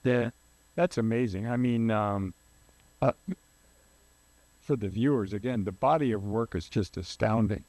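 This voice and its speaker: A man's voice: lowish voice, a little slow, long pauses, a little mellow, no room sound. A male talk show host interviewing a guest, prompting with short, encouraging follow-up questions.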